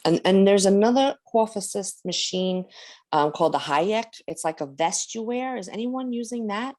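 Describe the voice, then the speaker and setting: A woman on a video call in a support group, speaking hesitantly with many fillers and pausing to catch her breath. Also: medium pitch, animated, darkish tone. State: short of breath.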